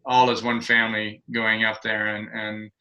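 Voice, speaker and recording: A man's voice: fairly low pitch, flat delivery, moderate pace, bright, forceful tone, rough recording. A man hosting a team video call, speaking earnestly and proudly about his teammates. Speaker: team leader and host. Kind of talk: casual video call chat.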